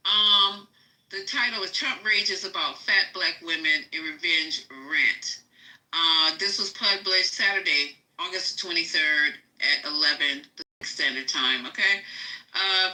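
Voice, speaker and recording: A woman hosting a live talk show, reading a news article aloud with halting fillers and restarts. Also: on the low side, bright, forceful tone, poor audio. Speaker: podcast host.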